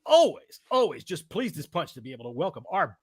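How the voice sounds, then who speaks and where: Joking podcast host, slightly high voice. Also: male voice, very animated, brisk, noisy background. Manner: joking, teasing, upbeat emcee. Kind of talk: casual chat.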